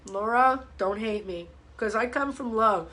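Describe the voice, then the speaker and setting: A woman's voice: a little high, unhurried, a bit bright. A woman fitness coach hosting a casual live-stream show, talking bluntly and with fired-up energy, teasing her viewers and swearing freely. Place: home, speaking to a live audience online.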